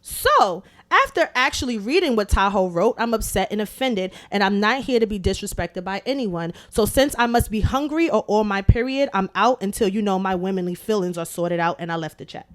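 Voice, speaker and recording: A woman hosting a podcast, telling a story in casual, animated chat full of swearing. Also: medium pitch, a little fast, few pauses. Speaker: podcast host.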